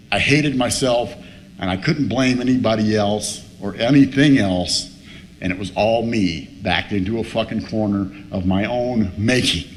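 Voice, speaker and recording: A man in his fifties telling his recovery story at a meeting, a joking, profane storyteller who laughs at himself, speaking into a stage mic in a room with a live audience. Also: mid-range voice. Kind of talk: personal story told to a meeting. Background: faint room noise and audience laughter.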